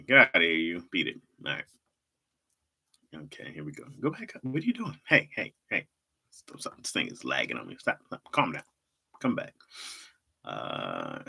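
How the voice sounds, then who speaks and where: Young male streamer, chatty and playful, bright and expressive, quick to laugh. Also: deep voice, vocal fry. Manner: animated, laughs often, banters with chat. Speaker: livestream host. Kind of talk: casual livestream chat.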